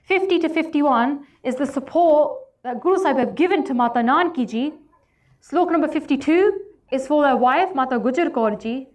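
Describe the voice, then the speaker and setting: A woman's voice: sits high, lively intonation, normal speed. A woman, earnestly retelling a religious history and speaking the quoted dialogue herself. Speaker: religious storyteller. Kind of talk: spoken history talk.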